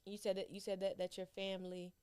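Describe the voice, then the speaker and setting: Smooth-voiced woman hosting a podcast. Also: medium pitch, monotone, fast talker, darkish tone. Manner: rambling, full of "you know" fillers. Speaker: podcast host. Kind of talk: casual interview chat.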